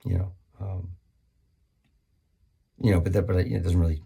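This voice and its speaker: A man with a low, gravelly voice riffs through a comedy monologue. He rambles and restarts, swears freely and jumps up into sudden high-pitched outbursts. His tone is dark and husky. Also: level tone, normal speed.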